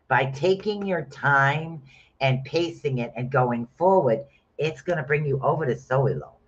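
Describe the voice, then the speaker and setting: A man's voice: medium pitch, unhurried, fairly bright tone. A middle-aged man chatting casually through a live rune reading, calling his listeners honey. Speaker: rune reader. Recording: dull lo-fi sound.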